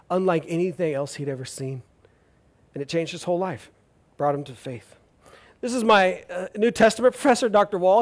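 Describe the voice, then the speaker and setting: A male pastor with a high voice gives a sermon. He tells his stories in an animated, jokey way, and he keeps it conversational with lively, humorous asides.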